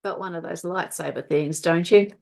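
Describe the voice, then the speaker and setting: A woman's voice: on the low side, normal speed, gravelly, dark tone. A woman voicing a blunt, tactless male pirate captive who keeps asking pointed questions. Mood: prodding.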